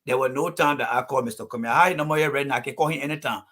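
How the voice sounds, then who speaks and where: A man's voice: medium pitch, racing, fairly bright tone. A man from Liberia speaking on a call-in panel show, making his points emphatically and laying them out in numbered phases. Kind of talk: heated call-in panel talk.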